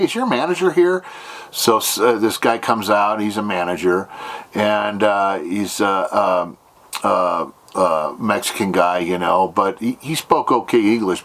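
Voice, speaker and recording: A man's voice: mid-range voice, fairly bright tone. Rambling man retelling a gig hunt. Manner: acts out both sides of conversations, voice jumping up when quoting. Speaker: solo gigging musician vlogger. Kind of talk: rambling casual storytelling.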